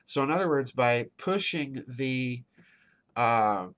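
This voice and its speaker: A man hosting a news commentary, reading articles aloud in a measured, deliberate way and marking quotes as he goes. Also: mid-range voice, expressive, a bit bright. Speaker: host.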